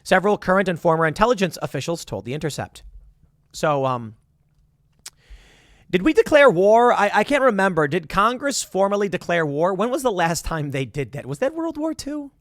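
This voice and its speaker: Animated sarcastic man ranting. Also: sits high, normal speed, dry recording, studio quality. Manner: animated, sarcastic, acts out quotes in mocking voices. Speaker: political commentary host. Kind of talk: political commentary monologue.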